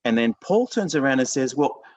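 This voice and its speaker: A man's voice: fairly low pitch, measured pace, no echo. A man preaching a sermon in an earnest, conversational way, often restarting his sentences. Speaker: pastor.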